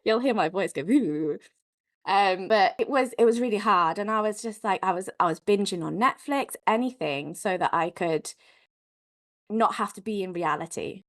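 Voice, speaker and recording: Woman, podcast guest, candid and expressive, mid-pitched, chatty storytelling with loose slang. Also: moderate pace. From Wales. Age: adult mother. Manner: frank, expressive, peppered with "like" and mild swearing.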